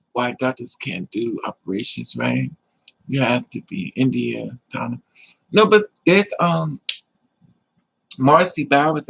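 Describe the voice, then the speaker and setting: A woman's voice: a bass voice, vocal fry, breathy edge, low-quality recording. A middle-aged woman chatting casually to her livestream viewers, sassy and emphatic, repeating her lines and calling people honey. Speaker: livestream host.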